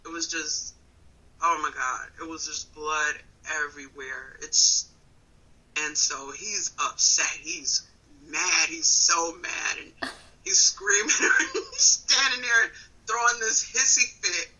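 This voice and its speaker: A woman from Wisconsin, a comedian in her thirties, telling a story in casual chat on a phone call, animated and laughing often. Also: low-pitched, slow pace, husky. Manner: animated, laughing often, swings between loud and quiet. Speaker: comedian guest.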